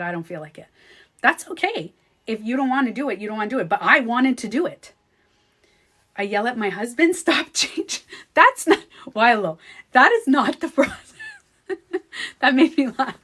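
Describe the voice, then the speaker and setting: Chatty, laughing woman on a livestream. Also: fairly high pitch. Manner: chatty, animated, often laughs and acts out her own thoughts. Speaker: beauty coach and vlogger. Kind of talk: casual livestream chat.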